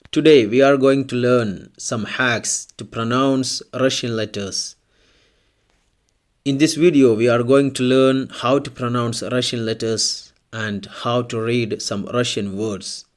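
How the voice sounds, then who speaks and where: A male teacher talks through a pronunciation lesson at an unhurried, measured pace. His pitch sits in an ordinary middle range, and he says each example word twice so it sinks in. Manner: slow, deliberate, repeats example words. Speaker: language teacher. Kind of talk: scripted language lesson.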